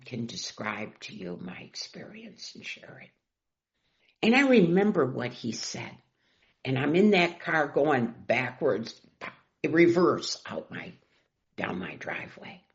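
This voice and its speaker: A middle-aged woman giving an emotional personal share at a recovery meeting, swinging between loud bursts and near whispers. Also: very deep voice, gravelly, highs cut off.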